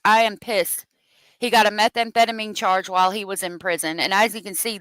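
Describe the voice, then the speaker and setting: A woman's voice: mid-range voice, fairly bright tone, dry recording, rough recording. A woman hosting a true crime livestream, heated and profane as she talks, thanking viewers for their donations. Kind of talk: angry live commentary.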